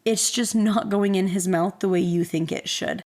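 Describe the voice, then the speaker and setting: A woman voicing the calm, patient inner voice of God, speaking in a gentle, questioning, unhurried way. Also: medium pitch, natural voice. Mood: gently reasoning.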